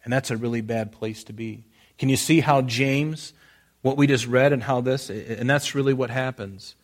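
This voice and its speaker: A man's voice: mid-range voice, normal speed. A man preaching a sermon in a conversational way, often restarting his sentences and repeating phrases. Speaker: pastor.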